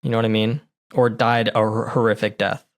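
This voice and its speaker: A man's voice: lowish voice, level tone, a little fast, creaky. A man co-hosting a podcast, chatting casually and earnestly retelling movie scenes. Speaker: podcast co-host. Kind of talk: casual movie review chat.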